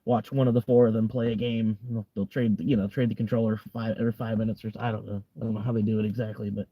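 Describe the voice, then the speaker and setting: A man's voice: lowish voice, flat delivery, quick pace, no room sound, highs cut off. A young American man chatting casually on a livestream, rambling with lots of fillers and frequent laughter. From United States. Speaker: livestream host.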